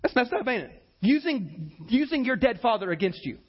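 A pastor preaching a sermon in an animated way, acting out the people in his story as he goes. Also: very high voice, normal speed, husky, lo-fi sound. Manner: animated preacher, acts out quoted voices.

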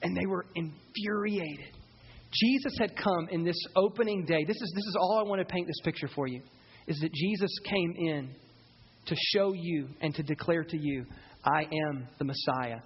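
A man's voice: high-pitched, moderate pace, breathy edge. A male pastor preaching a live sermon to his congregation, asking them rhetorical questions. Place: church service. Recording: dull sound in a reverberant hall.

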